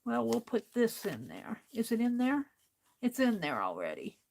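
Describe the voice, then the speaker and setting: A woman's voice: fairly high pitch, wildly swooping pitch, normal speed, creaky, a little mellow. A woman hosting a crafting livestream, chatting casually, thinking aloud and talking to her viewers. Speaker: livestream host.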